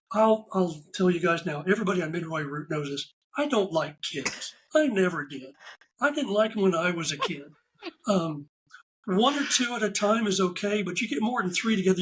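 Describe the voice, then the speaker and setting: High-voiced man telling animated stories. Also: rough recording. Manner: animated anecdotal storyteller, acts out quoted dialogue. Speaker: podcast guest, ride photographer. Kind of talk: casual interview storytelling.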